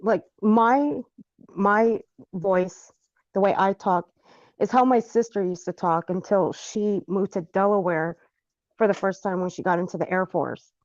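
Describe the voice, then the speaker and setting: A woman in casual conversation, telling an animated family story and laughing often. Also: medium pitch, a little slow, no echo. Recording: dull muffled audio.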